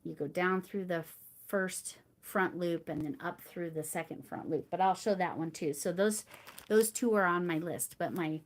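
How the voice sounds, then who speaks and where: A woman's voice: on the low side, normal speed. Middle-aged woman crochet streamer; casual, rambling chatter to live viewers, easy laughs, lots of fillers. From United States. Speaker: crochet livestream host.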